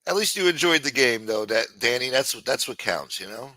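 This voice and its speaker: A man's voice: medium pitch, expressive, brisk, pushed and bright, dry recording. A man hosting a live-stream show, chatting casually and reading out viewer comments in a profane, rambling way.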